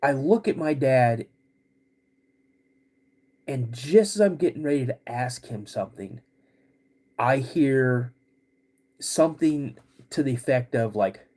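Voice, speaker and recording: A man hosting a podcast, vividly retelling a personal story in a halting way, with many restarts. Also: mid-range voice, expressive, warm tone. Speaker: podcast host.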